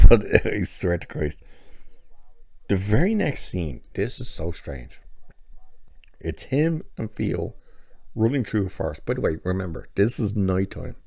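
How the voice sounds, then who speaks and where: A man's voice: low-pitched, big pitch swings, slow, gravelly, long pauses, mellow, slightly rough, no echo, clean studio sound. A man reviewing a TV episode in a casual, chatty recap, sarcastic and profane as he tells the plot.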